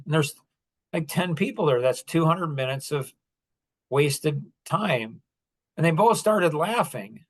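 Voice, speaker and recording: A middle-aged man with a somewhat high voice tells a story on his podcast. He talks in a loose, conversational way, full of asides and restarts. He comes across as earnest and a bit apologetic. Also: a bit bright, breathy edge. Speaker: podcast host. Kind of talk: casual storytelling monologue.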